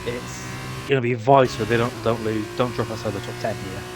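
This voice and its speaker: A man's voice: medium pitch, steady tone, brisk, background noise. A British man co-commentating a sim race, chatty and tripping over his words. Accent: British English.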